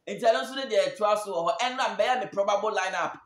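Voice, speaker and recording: High-voiced Ghanaian man talking football. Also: a little fast. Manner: chatty, repeats points for emphasis. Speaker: sports show host. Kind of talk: casual football talk, mixing Twi and English. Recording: echoey room.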